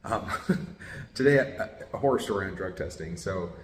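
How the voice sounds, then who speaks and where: A man's voice: deep voice, normal speed, echoey room, long reverb tail. A man hosting his own channel as a compliance consultant, talking through headphones with a mic from a hotel in a rambling, blunt, easily sidetracked way. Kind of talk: casual vlog talk.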